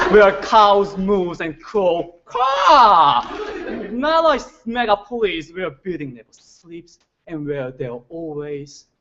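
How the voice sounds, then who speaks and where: Teen guy doing slam poetry, high voice swinging all over, slow and careful, muffled recording. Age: teens. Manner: playful, deliberate recitation. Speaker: student poet.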